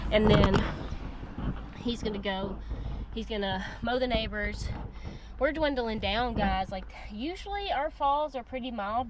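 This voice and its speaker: A young woman, vlogging in a chatty, excitable way to her phone camera, moving between her car and outdoors. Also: on the high side, a little hiss or hum. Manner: chatty and excitable, says "like" and "guys" often. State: out of breath. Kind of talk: casual vlog chat to camera. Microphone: phone on a small tripod.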